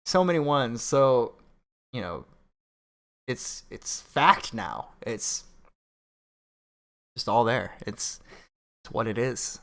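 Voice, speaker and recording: A man's voice: medium pitch, big pitch swings, takes it slowly, gravelly, pauses often, fairly bright tone. Wry, teasing man co-hosting a stream. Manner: wry, teasing, laughing along. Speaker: co-host. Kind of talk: casual late-night stream chat.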